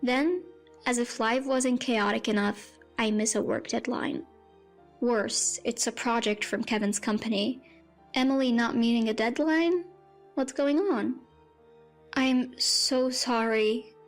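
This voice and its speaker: A woman's voice: on the high side, unhurried. Woman narrating a story over faint music. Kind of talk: first-person scripted story narration.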